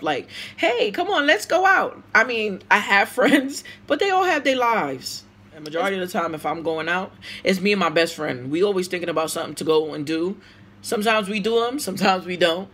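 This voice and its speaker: Woman, Brooklyn accent, vlogger, emotional, outspoken, animated, casual to-camera talk. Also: fairly low pitch. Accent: Brooklyn, New York. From United States.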